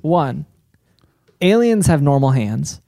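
A man's voice: fairly high pitch, sing-song, slow, creaky, background noise. A man co-hosting a comedy podcast, riffing playfully and laughing at the voicemails. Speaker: podcast co-host. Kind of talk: casual comedic chat.

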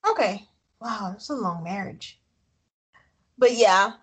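A woman co-hosting a podcast, recapping a reality show episode in casual, animated chat. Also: medium pitch, slow pace, husky. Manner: animated storytelling, frequent laughs. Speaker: podcast co-host.

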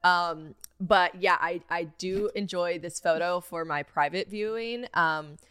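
A young woman hosting a podcast, telling stories fast in casual chat, laughing often and acting out quotes, talking a little differently on temporary veneers. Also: fairly low pitch, a bit bright, smooth. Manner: giggly, fast storytelling with acted quotes. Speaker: podcast host.

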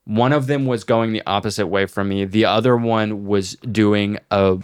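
Smooth-voiced young man, casual swearing storyteller. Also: on the low side, moderate pace, dry recording, clean studio sound. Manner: swears a lot, animated storytelling. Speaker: podcast co-host. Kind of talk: casual chat.

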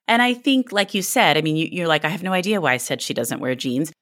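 A woman's voice: low voice, animated, fast, a bit bright, no room sound, studio quality. A woman hosting a book interview, talking enthusiastically and conversationally. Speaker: interviewer host. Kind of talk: casual interview chat.

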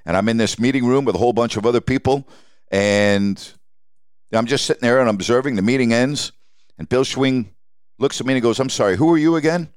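A sportscaster in his sixties from Long Island, hosting his podcast and telling a lively story about his early career, acting out the people in it. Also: medium pitch, a little fast, smooth, no echo, clean studio sound. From Long Island, New York. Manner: animated storyteller who acts out quoted dialogue.

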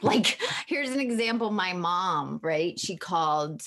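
A woman's voice: fairly low pitch, expressive, a little slow, fairly bright tone. A woman author, a guest on a podcast, talking openly and candidly about her feelings. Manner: open and emotionally candid. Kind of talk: candid interview talk.

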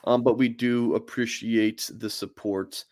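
A man's voice: mid-range voice, steady tone, a little slow, darkish tone. Casual male host reading super chats. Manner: casual, reading viewer comments. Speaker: show host. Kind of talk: casual show hosting.

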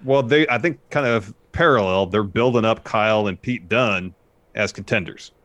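Man, very deep voice, dry close mic, casual recap. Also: moderate pace, fairly bright tone, no room sound. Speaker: podcast co-host. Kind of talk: casual wrestling recap chat.

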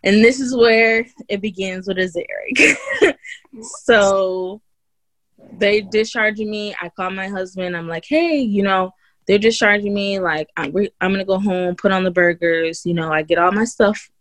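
A woman's voice: mid-range voice, a little slow, fairly bright tone, no room sound. A woman guest on an interview show, telling her own birth story in casual chat, full of "like" and "you know" and restarts, and she acts out other people's lines in a raised voice. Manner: chatty, heavy use of "like" and "you know", many restarts.

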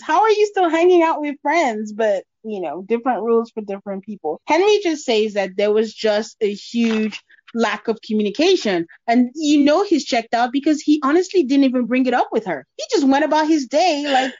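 A woman's voice: high voice, lively intonation, moderate pace, darkish tone, dry recording. A woman co-hosting a podcast, chatting casually and acting out quotes as she tells the story. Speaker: podcast co-host. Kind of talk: casual chat recapping a reality show. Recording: dull lo-fi, dry.

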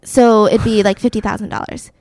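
A woman telling a story in casual chat. She is animated, swears freely and fills her sentences with "like". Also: mid-range voice, a little fast, no room sound. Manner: animated, swears freely, lots of filler 'like'. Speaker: podcast co-host telling a story.

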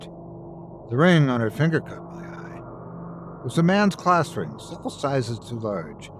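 A man narrating a horror story in a measured, dramatic storytelling manner. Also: mid-range voice, slight background noise.

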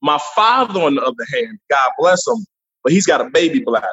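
A man, a comedian guest, chatting casually and profanely in an animated interview. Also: on the high side, brisk, husky. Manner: animated, profane, jumps into voices. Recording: dull lo-fi remote line.

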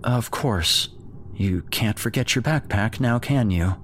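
A man's voice: medium pitch, slow, slight background noise, voice pushed up, natural voice. A man doing a tearful, anxious mother. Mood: tender. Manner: soft, pleading, sometimes suddenly harsh.

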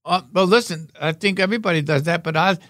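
A man's voice: sits high, quick pace, a bit bright, dry recording. An older man telling wry, rambling stories as an interview guest. His voice sits a little above the usual male range and sounds dry and close to the mic. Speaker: guest, veteran actor. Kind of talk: anecdotal interview talk.

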